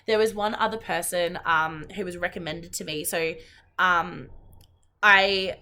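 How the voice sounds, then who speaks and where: A woman's voice: fairly low pitch, fairly even intonation, measured pace, sharp tone. A woman in her late twenties with an Australian accent, hosting a podcast in casual, earnest chat full of ums and restarts. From Perth, Western Australia. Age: 20s. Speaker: podcast host.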